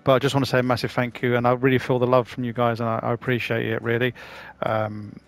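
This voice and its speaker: Male games host, mid-range pitch, gravelly edge, chatty casual commentary. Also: monotone, fast. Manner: chatty, rambling, self-deprecating. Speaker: gaming channel host.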